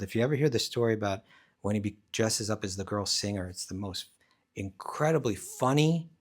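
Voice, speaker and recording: In a husky, medium-pitched voice, a spiritual teacher leads a scripture class at a rural eco village. He relates a story animatedly and informally, acting out the voices.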